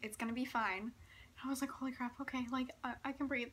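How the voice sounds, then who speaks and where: A nineteen-year-old woman telling a personal story in a giggly, gushing, breathless way, full of "like" and quick laughs. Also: on the high side, steady tone, fairly bright tone. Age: young adult. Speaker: vlogger.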